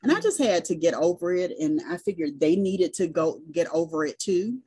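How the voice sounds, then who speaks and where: A middle-aged woman with a Southern US accent, a business and sales coach appearing as a guest, tells stories at an easy, normal speed in a casual interview. Her low, mellow voice has a husky edge, and she's chatty, even spelling things out.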